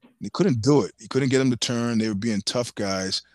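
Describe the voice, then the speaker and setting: A man as a podcast guest, telling stories in casual chat, animated, laughing often and swearing freely. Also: medium pitch, fairly quick, dry recording, clean studio sound.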